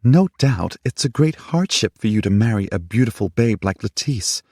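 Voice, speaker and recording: A man reading an audiobook, voicing a furious young woman with a sharp, accusing, high-pitched delivery. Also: big pitch swings, slow pace, husky, dry recording, clean studio sound, full character voice. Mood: angry. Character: furious young woman, time-displaced lover. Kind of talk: audiobook character voice.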